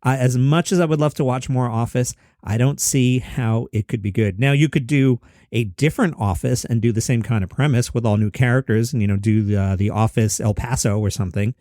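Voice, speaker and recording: A man's voice: medium pitch, a little fast, a little mellow, no room sound, clean studio sound. A man hosting a comedy news podcast, chatting through headlines casually and thinking aloud with asides. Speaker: podcast host.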